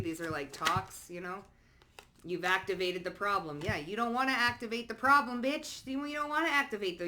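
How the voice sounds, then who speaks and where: A woman talks through a card reading in a loose, sassy way, sprinkling in curses and pet names. Her voice is bright and sharp. She drops into low asides, then bursts out loud and emphatic. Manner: blunt, sassy, peppered with swearing and pet names. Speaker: psychic card reader. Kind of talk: casual spoken card reading.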